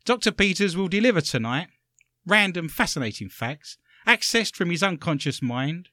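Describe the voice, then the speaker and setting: A man with an English accent hosting a comedic radio show, telling stories with sarcastic, animated delivery. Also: high-pitched, moderate pace, no room sound, studio quality. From England. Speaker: radio host.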